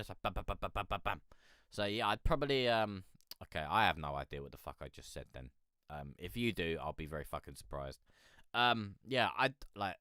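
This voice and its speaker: A man's voice: lowish voice, a bit bright, clean tone, no echo, studio quality. A man hosting a live music-review stream, rambling and hesitant as he gives casual feedback, sleepy and yawning, swearing now and then. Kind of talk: casual livestream commentary.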